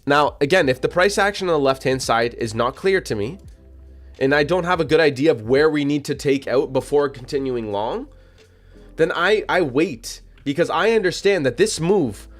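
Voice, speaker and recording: A man hosting a live trading stream, talking casually and directly to his chat with slangy, repetitive phrasing, hiccuping now and then. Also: a little high. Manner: chatty, slangy, addresses chat directly, repeats himself. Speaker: livestream trading host. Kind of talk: casual livestream commentary.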